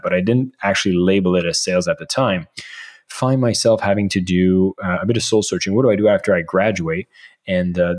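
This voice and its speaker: A man in his thirties talks as a podcast guest in a fairly low voice. He tells stories casually and with energy. When he repeats what other people said, he acts out their lines. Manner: animated, acts out quoted dialogue. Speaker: podcast guest, sales author. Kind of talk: casual interview storytelling.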